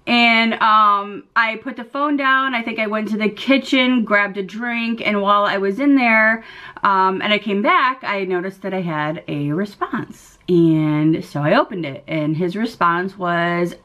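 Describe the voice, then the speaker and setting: A woman's voice: mid-range voice, measured pace, fairly bright tone. Middle-aged woman vlogging from home, rambly chatty storytelling, lots of um and like, medium voice. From Southern United States. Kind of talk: casual chat. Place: at home near a window.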